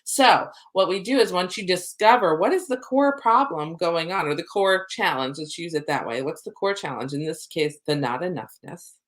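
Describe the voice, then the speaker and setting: Woman, middle-aged, soul coach, casual talk, low-ish voice, animated asides. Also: normal speed, few pauses. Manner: animated, acts out her own inner thoughts.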